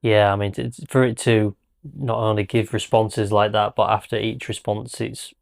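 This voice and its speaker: A man co-hosting a podcast, chatting casually with agreeable, quick reactions. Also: fairly low pitch, little pitch movement, gravelly. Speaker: podcast co-host. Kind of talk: casual chat.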